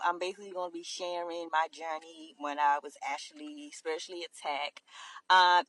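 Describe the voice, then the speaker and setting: A woman telling her own story to camera, earnest and halting, with many fillers and restarts. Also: mid-range voice, a bit bright, no echo. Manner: earnest, emotional confiding. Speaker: vlogger.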